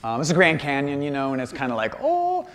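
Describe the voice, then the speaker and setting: A man giving a humorous public talk about his paintings in a university auditorium, animated and self-deprecating. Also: mid-range voice, quick pace, big-room sound. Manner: animated and self-deprecating, acts out quoted voices. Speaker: visiting artist giving a lecture.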